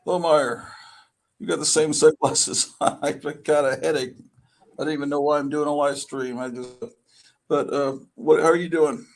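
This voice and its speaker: A man's voice: on the high side, fairly even intonation, normal speed. A man hosting his own live stream, chatting in a loose, meandering way with wry, self-deprecating asides, talking into his computer microphone. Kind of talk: casual rambling live stream chat.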